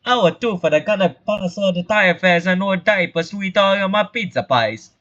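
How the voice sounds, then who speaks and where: A man's voice: fairly high pitch, fairly even intonation, quick pace, pushed and bright, lo-fi sound. A man voicing a pizzeria owner who talks in a broad, put-on Italian stereotype with broken English. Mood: aggrieved.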